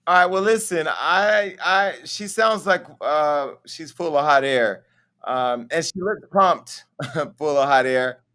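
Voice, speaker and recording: A man's voice: a little high, takes it slowly, bright, forceful tone, smooth. A man hosting a casual entertainment news talk show, chatty with laughing asides. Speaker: host. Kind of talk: casual gossip show chat.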